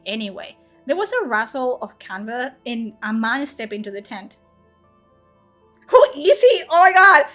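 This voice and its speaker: Woman streamer, slightly high voice, reads her own fiction and cracks sweary, self-mocking asides, faint music behind. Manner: swears freely, laughs at herself, chatty asides. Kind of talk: story reading with casual asides.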